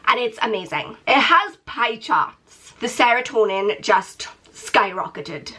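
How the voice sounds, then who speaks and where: A woman's voice: mid-range voice, a bit bright. A British woman in her thirties, sick and nasal, chatting in a playful, self-mocking way on her budgeting vlog. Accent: British English. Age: 30s. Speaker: YouTuber.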